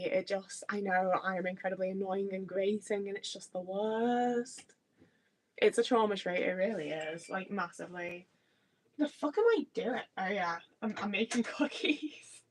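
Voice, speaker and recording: Baking at home on a livestream, this young Midlands woman speaks in a mid-range voice with a faint Liverpool twang, captured on low-quality audio. She rambles along in a chatty way, cursing freely and making self-deprecating remarks to her viewers.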